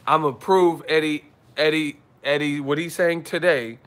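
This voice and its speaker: A man's voice: steady tone, unhurried. Brash, hyped-up man ranting in a vlog. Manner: brash, teasing, swears freely, swings between loud hype and low mutter. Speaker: boxing commentary vlogger. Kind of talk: casual hyped-up vlog rant. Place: hotel room.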